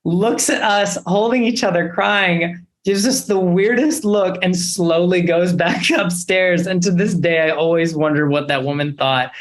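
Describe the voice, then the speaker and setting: A young adult man, an actor guest in a casual interview, telling a story in a lively, expressive way. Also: high-pitched, unhurried.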